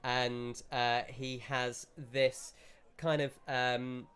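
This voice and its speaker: A man narrating a tabletop game as game master, describing scenes in a relaxed, halting way with fillers. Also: medium pitch.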